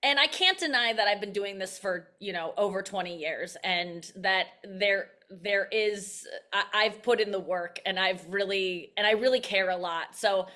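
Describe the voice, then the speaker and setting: A woman's voice: medium pitch, normal speed, few pauses, pushed and bright. A woman in her thirties, a comedian, talking candidly and reflectively in a casual interview, often restarting her sentences. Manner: candid and self-reflective, with frequent restarts and laughs. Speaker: comedian guest.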